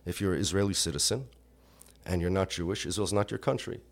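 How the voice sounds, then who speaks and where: A middle-aged man from the United States, with a low, gravelly voice, talks fast in an impassioned religious lecture. He's emphatic, full of rhetorical questions, and uses Yiddish and Hebrew terms.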